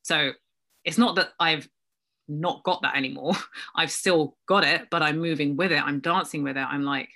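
A woman with a bright, forward voice talks as a guest in a relaxed interview. She is reflective and self-deprecating and often breaks into laughter as she shares her thoughts. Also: low-pitched, normal speed. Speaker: guest, business coach. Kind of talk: casual conversational interview.

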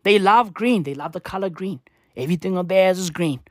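A woman's voice: lowish voice, brisk, no room sound, clean studio sound. A young woman ranting in a profane comic monologue, slangy and repetitive, laughing at her own jokes.

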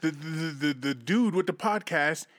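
A middle-aged man from Boston hosts a podcast with loose, profane storytelling. His voice swings widely in pitch and sits a bit high. He stays casual and chatty. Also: lively intonation, normal speed, a bit bright, no echo. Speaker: podcast host.

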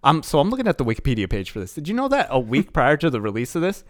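Excitable, chatty man on a podcast. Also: a little high, very fast, no room sound, studio quality. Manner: excitable, laughing, rambling with many "like" fillers. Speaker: podcast co-host. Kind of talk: casual chat.

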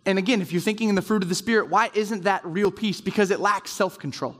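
A man's voice: high voice, quick pace, fairly bright tone, big-room sound. A man giving a conversational sermon to a room of men, acting out quoted inner voices as he goes. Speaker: speaker at a men's group. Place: large room with round tables.

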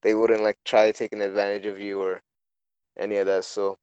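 A man hosting a podcast, asking questions in a relaxed, hesitant way with lots of fillers. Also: fairly low pitch, brisk, clear, resonant tone, no room sound. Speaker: podcast host. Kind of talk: casual interview chat. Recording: dry, dull lo-fi podcast audio.

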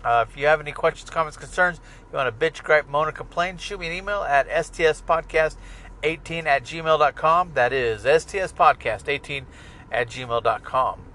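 A man's voice: fairly high pitch, moderate pace, pushed and bright. Middle-aged man rambling from a car. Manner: profane, rambling, joking. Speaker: podcast host. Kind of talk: casual rambling monologue. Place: inside a moving car. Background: car and traffic noise.

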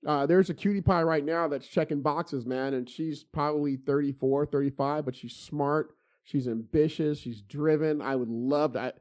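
A man's voice: a little high, normal speed, few pauses. A middle-aged man telling stories in casual chat, swearing freely and restarting his sentences with repeated words. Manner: profane, animated, many stammered restarts.

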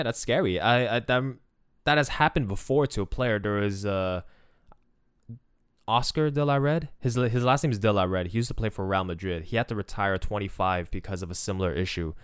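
Low-voiced man, emotional rambling talk. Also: clear, resonant tone, no echo, studio quality. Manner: emotional, rambling, many restarts. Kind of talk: casual spoken commentary.

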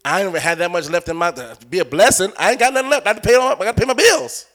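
A man's voice: high-pitched, very fast, fairly bright tone. A man preaching a sermon as bishop, asking the crowd questions and acting out little scenes.

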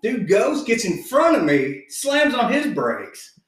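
Recorded far from the mic in a very echoey room, a male podcast co-host speaks slowly in a very high-pitched voice. He's animated while telling a story in casual conversation, cursing freely and laughing along the way.

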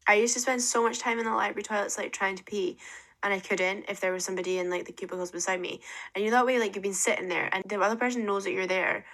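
A woman's voice: medium pitch, fairly bright tone. Giggly young British woman telling stories. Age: young adult. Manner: storytelling, giggly, many "like" and "um" fillers. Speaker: podcast co-host. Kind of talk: casual chat.

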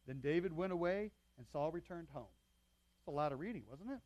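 A man's voice: a little high, lively intonation, a little fast, darkish tone, no room sound, muffled recording. A man preaching as pastor, reading scripture aloud and chatting with his congregation between passages. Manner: conversational, checks in with the congregation.

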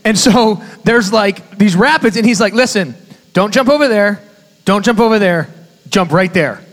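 A man with a high voice delivers a sermon as a youth pastor, telling stories with lively, conversational asides to the room. His voice rings out in a long-reverb church hall. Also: moderate pace. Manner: animated storytelling, conversational asides to audience.

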